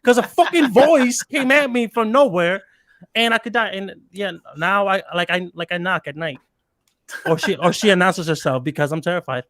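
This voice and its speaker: High-voiced animated young man. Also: normal speed, dry recording. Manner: animated, profane, acts out quotes loudly. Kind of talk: casual storytelling chat.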